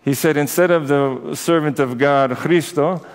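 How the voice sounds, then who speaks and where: A man's voice: a little high, unhurried. A priest giving a conversational sermon to his congregation, with personal asides. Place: church. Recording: echoey church with long reverb.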